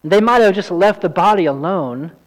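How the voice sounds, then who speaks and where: A man's voice: high voice, animated, moderate pace. A man voicing an eager, emotional young girl in a raised, breathless way while reading a story in a sermon. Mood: excited. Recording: long hall reverb.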